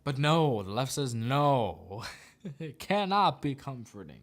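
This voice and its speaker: A man's voice: medium pitch, big pitch swings, slow. A man hosting a podcast, giving casual opinion commentary in a sarcastic manner and laughing often. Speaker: podcast host.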